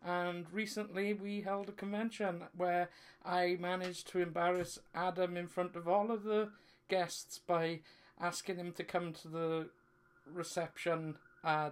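Male podcast host, teasing and quick to laugh, casual banter. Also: high voice, little pitch movement, clear, resonant tone. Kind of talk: casual chat.

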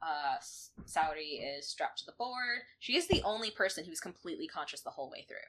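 A woman co-hosting a podcast, recapping episodes in casual chat, animated and quick to laugh. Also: low-pitched. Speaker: podcast co-host.

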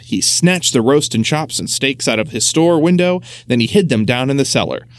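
A man reads a children's storybook aloud, his pitch rising and falling expressively through every sentence. The sound is close and dry, with no room around it. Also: dry recording.

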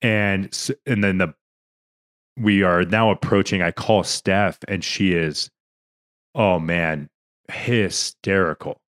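In a casual podcast conversation, the young male co-host talks slowly with a low-pitched, slightly bright voice and a steady tone. His story comes out earnest and rambling, full of restarts, as he nears tears.

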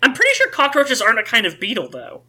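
A person in a casual podcast chat, wry and quick with opinions. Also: medium pitch, huge pitch swings, sharp tone.

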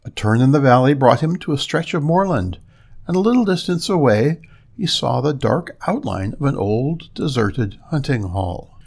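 A man narrating a fairy tale in a measured, steady reading. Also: mid-range voice, creaky, husky. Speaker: storyteller.

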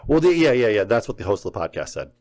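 Excitable man telling a story. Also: lowish voice, fast talker. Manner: animated storytelling, excitable, swears. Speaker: podcast co-host. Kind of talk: casual chat about paranormal recordings.

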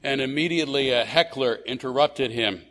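A man's voice: mid-range voice, moderate pace, fairly bright tone, a little hiss or hum. A man preaching a sermon as a pastor, talking conversationally with frequent hesitations, restarts and rhetorical questions.

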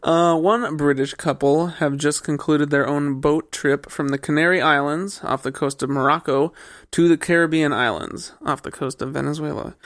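A man's voice: on the high side, fairly even intonation, moderate pace, fairly bright tone. A man from the American Midwest co-hosting a podcast, reading news stories in a casual chat and cracking wry asides with frequent laughs. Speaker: podcast co-host.

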